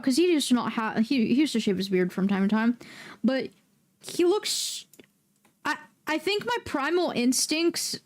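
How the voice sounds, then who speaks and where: A woman's voice: a little high, darkish tone. A young woman streaming a game, chatting casually in a rambling, jokey, profane way. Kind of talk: casual livestream chat.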